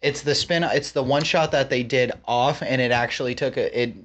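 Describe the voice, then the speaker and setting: A man's voice: medium pitch, steady tone, fairly bright tone, highs cut off. A man co-hosting a podcast in casual chat, rambling and swearing often, correcting himself mid-sentence. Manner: rambling, profane, with quick self-corrections. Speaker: podcast co-host.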